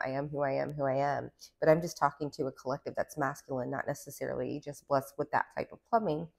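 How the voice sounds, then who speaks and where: A woman's voice: low-pitched, gravelly. A woman giving a casual pick-a-card tarot reading, rambling along with lots of "like" and a valley-girl lilt. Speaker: tarot reader.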